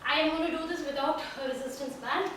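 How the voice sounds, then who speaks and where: Talking quickly in a high, fairly bright voice, this Indian-accented fitness instructor does the exercises alongside her viewers and gasps through each step. The distant recording comes from a very echoey room in her home, with a little hiss or hum.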